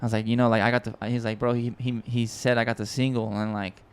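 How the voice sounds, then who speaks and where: A man hosting a podcast, telling a story in a casual, excitable and rambling way with frequent swearing and restarts. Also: mid-range voice, quick pace, smooth. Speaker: podcast host and music producer.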